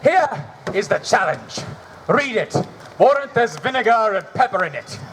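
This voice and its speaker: A man playing a foolish, cowardly young nobleman, blustering with wild swings in pitch. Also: big pitch swings, normal speed, gravelly, fairly bright tone, slight background noise, full character voice. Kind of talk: outdoor Shakespeare stage acting.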